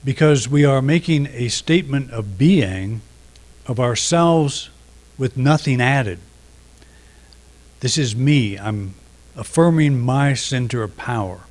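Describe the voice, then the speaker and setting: A middle-aged man giving a reflective sermon, unhurried, pausing often and restarting phrases. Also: medium pitch, animated, a little mellow. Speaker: minister.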